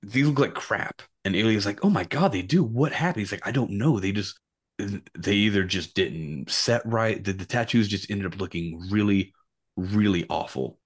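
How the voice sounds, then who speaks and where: Podcast co-host, male, lower register, chatty storyteller who slips into voices. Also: normal speed. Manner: animated storyteller, acts out quotes. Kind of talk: casual movie podcast chat.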